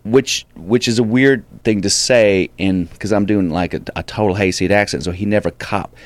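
Man, comedian guest: deep, dry-miked voice, animated anecdote delivery with voiced quotes. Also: normal speed, no echo. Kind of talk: casual storytelling interview.

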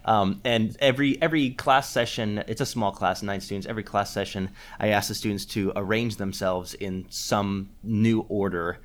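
Male host and educator, somewhat low voice, casual, thinking aloud. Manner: engaged, musing, with restarts. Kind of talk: conversational podcast interview.

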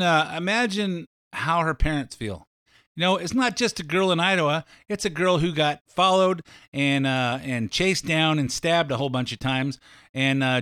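A man's voice: on the high side, a bit bright, clean tone, no room sound, clean studio sound. Rambling opinionated talk-radio man. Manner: rambling, opinionated, many fillers.

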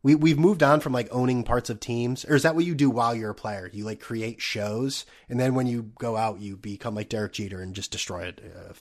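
A man holds forth alone on his podcast in a loose, swearing comedic rant. He stammers and restarts often but keeps barrelling forward. His voice sits at an everyday middle pitch for a man. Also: steady tone, a little fast, hardly any pauses, darkish tone. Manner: profane, ranting, many restarts and stammers. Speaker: podcast host.

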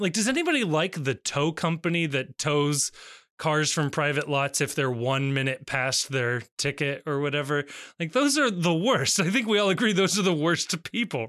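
A man with a somewhat high voice co-hosts a casual podcast, reading comments aloud with amusement. The recording is dry and close, with no room sound. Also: normal speed, fairly bright tone, no echo. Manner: amused, laughs often. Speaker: podcast co-host.

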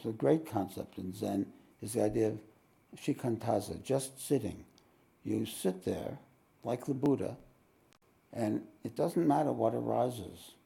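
A gravelly, darkly mellow male voice, thick with vocal fry. He teaches a live satsang at an ashram, musing reflectively and slipping in wry jokes between his points. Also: on the low side. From New York. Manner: reflective, with wry joking asides. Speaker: spiritual teacher. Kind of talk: live satsang talk with readings. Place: ashram meeting hall.

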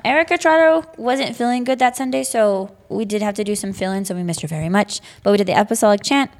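A young woman teaching a girls' Sunday school class, chatting casually on a podcast in a rambling way, with plenty of fillers. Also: medium pitch.

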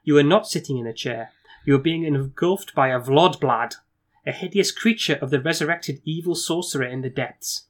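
A man reading a fantasy gamebook aloud and hosting the playthrough, with asides and stumbles. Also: a little high. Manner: brisk narration with stumbles and asides. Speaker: gamebook reader and host.

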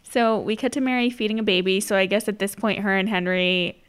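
A woman's voice: mid-range voice, steady tone, a little fast, clean tone. A young woman chatting casually on a podcast as she recaps a strange movie. She laughs often and talks bluntly, with a bit of swearing thrown in. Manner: giggly, blunt and profane. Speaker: podcast co-host.

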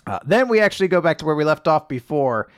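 A man recaps a comic chapter in a relaxed podcast chat. He tells it with animated energy and slips into quick character voices. The sound is dry and close to the mic. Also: a little high, dry recording. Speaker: podcast co-host. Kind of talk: casual manga recap chat.

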